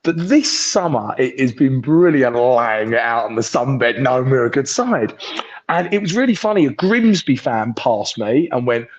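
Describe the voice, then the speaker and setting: A young man chatting casually as a podcast guest on a video call, telling stories excitedly and acting out the voices of the people in them. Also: medium pitch, moderate pace. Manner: excitable storyteller, acts out voices. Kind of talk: casual chat. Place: holiday resort, on a sunbed. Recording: dull lo-fi call audio.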